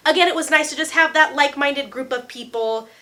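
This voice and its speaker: Bright chatty woman in her thirties. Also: sits high, brisk. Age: 30s. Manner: chatty, animated, jokey asides and playful put-on voices. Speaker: vlogger. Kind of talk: casual chat.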